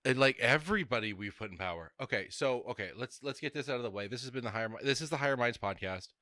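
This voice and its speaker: A man's voice: medium pitch, animated, quick pace, bright, forceful tone, dry recording, clean studio sound. A man co-hosting a casual podcast over a video call, ranting with heavy swearing. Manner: profane, heated ranting. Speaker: podcast co-host.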